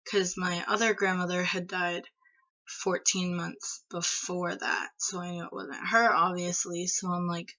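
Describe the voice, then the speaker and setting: A young woman in her early twenties from the United States tells a personal story to the camera at an unhurried pace. Her bright voice rambles, with plenty of "like" and "um". The audio is dull and lo-fi. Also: lowish voice, flat delivery. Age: early 20s. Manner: rambling, filler-heavy with frequent "like" and "um". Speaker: vlogger.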